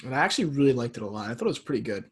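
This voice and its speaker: A man's voice: mid-range voice, sing-song, racing. A young man hosting a podcast, chatting casually in a joking, argumentative, teasing way. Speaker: podcast host. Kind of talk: casual chat.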